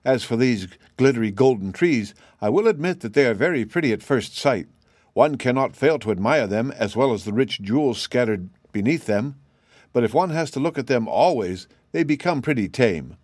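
A man's voice: mid-range voice, animated, normal speed, a little mellow, dry recording, clean studio sound, lightly acted. A man voicing a reasonable male king of the gnomes who explains things matter-of-factly. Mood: explaining.

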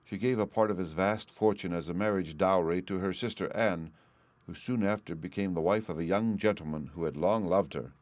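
A man with a fairly low voice reads a fairy tale aloud in a measured, steady storybook manner. The sound is dry and close, with no room around it. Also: no echo. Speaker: audiobook reader. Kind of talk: storybook narration.

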